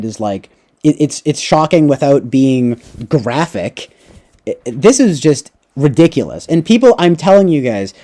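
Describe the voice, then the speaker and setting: Warm and a little high, a man's voice carries a casual movie livestream he's hosting. He rambles, curses, and keeps ending thoughts with "like" and "right?".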